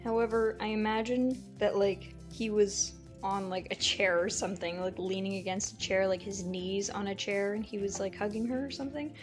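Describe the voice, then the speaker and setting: A young woman rambles cheerfully through her old sketches, laughing often and trailing off into fillers. Her voice sits at an ordinary pitch, with soft music playing faintly underneath. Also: steady tone, moderate pace, few pauses. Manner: chatty and giggly, rambling with many fillers. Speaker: artist vlogger. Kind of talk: casual sketchbook tour narration.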